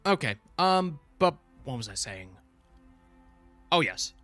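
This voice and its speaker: A man hosting a casual livestream review, rambling excitedly and correcting himself as he goes. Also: mid-range voice, slow, no echo, faint music behind. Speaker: channel host reviewing a TV show.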